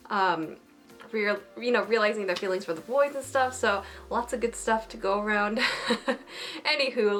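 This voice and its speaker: A woman's voice: mid-range voice, a bit bright. A woman chatting casually as an anime reviewer, bubbly and gushing, full of filler words. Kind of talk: casual chat.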